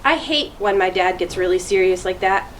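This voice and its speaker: A woman reading a children's chapter book aloud to students, in a clear, steady storytelling voice. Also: medium pitch, normal speed, slight background noise, low-quality recording. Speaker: school deputy reading aloud.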